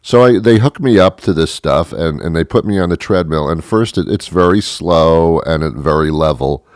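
A man's voice: low voice, normal speed, dry recording, studio quality. A man telling a rambling, exaggerated comic story about himself, acting out the lines of the people in it. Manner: rambling, exaggerated, animated retelling with acted quotes.

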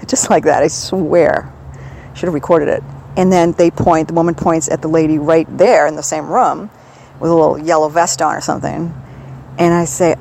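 A woman's voice: deep voice, fairly quick, vocal fry, a little mellow, a little hiss or hum, poor audio. A woman from the northern United States, chatting in a digressive, self-amused way into a handheld recorder for her audio diary. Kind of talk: rambling personal audio diary.

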